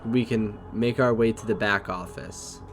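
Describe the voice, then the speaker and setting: A man narrating his game playthrough, explaining each step in a steady reading manner. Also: lowish voice, a little slow, faint music behind. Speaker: gameplay narrator. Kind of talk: let's play narration.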